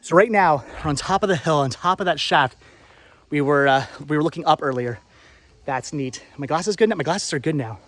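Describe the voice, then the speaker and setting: A woman's voice: sits low, lively intonation, a little fast. A woman travel vlogger narrating casually as she walks, rambling and enthusiastic, often repeating her words. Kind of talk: casual walking vlog narration.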